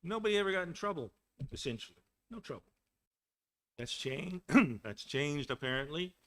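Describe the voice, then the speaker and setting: An older man from Texas with no regional accent, giving a casual talk in a webinar, rambling with many restarts and clearing his throat now and then. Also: a little high, very animated, moderate pace, fairly bright tone. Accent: none, general American. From Texas, United States. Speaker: webinar guest speaker. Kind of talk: casual lecture. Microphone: video call.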